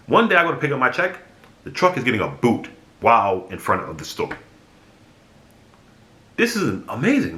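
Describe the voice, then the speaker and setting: A young man talking straight to his viewers, telling a story in a blunt, animated way and swearing freely. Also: mid-range voice, normal speed, pauses often. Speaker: vlogger. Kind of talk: casual storytelling monologue. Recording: echoey room.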